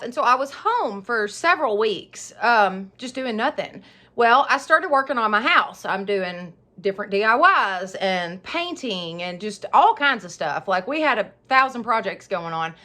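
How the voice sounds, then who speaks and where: Bright chatty woman vlogging. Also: a little high. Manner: chatty and rambling, laughs often. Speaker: YouTuber of a home decor channel. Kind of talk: casual Q&A vlog.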